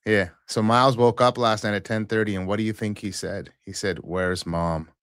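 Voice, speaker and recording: A man's voice: fairly low pitch, fairly even intonation, brisk, a bit bright, dry recording, studio quality. A man co-hosting a live trading stream, chatty and teasing in casual talk.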